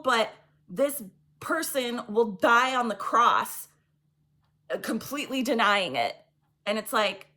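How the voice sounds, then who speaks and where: A woman's voice: fairly high pitch, pushed and bright. A woman doing a casual tarot reading, chatty and blunt, often laughing as she talks. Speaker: tarot reader.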